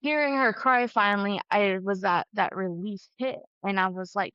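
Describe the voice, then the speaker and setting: A woman's voice: mid-range voice, moderate pace, sharp tone, smooth, no room sound, muffled recording. A woman talking candidly and emotionally as a podcast guest, with fillers and the odd laugh. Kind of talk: casual conversation.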